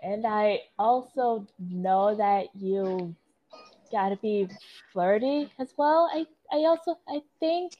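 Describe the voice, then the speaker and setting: A woman's voice: medium pitch, slow, close to an everyday voice. A woman voicing a friendly but unsure teenage girl in an improvised fan role-play, often trailing off. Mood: earnest. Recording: dull lo-fi sound.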